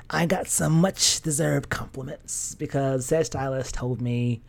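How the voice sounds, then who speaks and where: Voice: mid-range voice, slow pace, gravelly, few pauses. A young adult fashion stylist telling a personal story in a casual, emotional way, with slang and lots of fillers.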